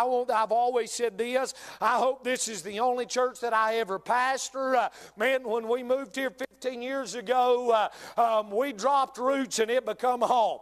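A man's voice: very high-pitched, a bit bright. A male pastor with a North Carolina Southern accent, preaching a sermon and speaking straight to his congregation, repeating key lines for emphasis.

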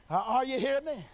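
A man preaching a sermon, building to shouted, chanting emphasis and then dropping quiet, folksy, repeating phrases and asking the congregation if they hear him. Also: very high voice.

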